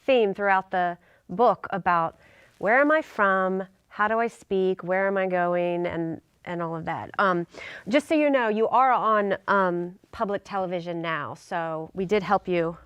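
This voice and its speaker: A woman's voice: mid-range voice, measured pace, fairly bright tone, smooth, dry recording, lo-fi sound. A woman interviewing a guest, asking friendly follow-up questions. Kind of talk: conversational interview.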